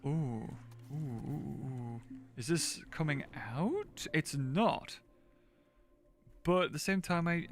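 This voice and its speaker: A game streamer's voice, a little high with lively intonation, talks slowly and pauses often over music. He chats casually through his livestream gameplay commentary, thinking aloud, laughing often and addressing his chat.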